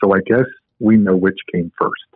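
A man doing a deep, slow, formal voice for an older male doctor with a dry, deadpan wit, heard over a tinny phone line. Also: crowd noise, natural voice.

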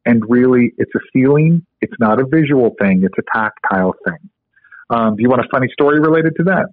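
A man's voice: medium pitch, animated, fairly quick, dry recording. A man guest on a podcast interview, casually explaining a medical technique with frequent fillers. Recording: tinny phone-line audio, dry.

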